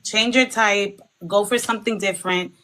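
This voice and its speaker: Female guest, 30s, bright tone, earnest casual chat with fillers. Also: mid-range voice, steady tone, moderate pace, low-quality recording.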